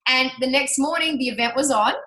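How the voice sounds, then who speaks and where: A woman telling a personal story to an audience, chatty and animated, laughing often and acting out what people said. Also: sits high, fairly quick. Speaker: speaker sharing her business success story. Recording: roomy hall reverb.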